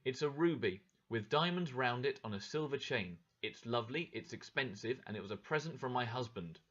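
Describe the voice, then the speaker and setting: A composed older lady from a storybook , read by a man. She speaks firmly and calmly and never raises her voice. The sound is slightly dull and lo-fi. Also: medium pitch, fairly quick. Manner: firm and calm, never shouting.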